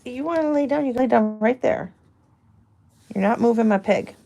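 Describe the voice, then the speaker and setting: A woman's voice: a little high, moderate pace, creaky, warm tone. A young woman on a farm, cooing and teasing her animals in a pen in casual chat. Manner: cooing baby talk to animals, playful teasing. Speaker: farm vlogger.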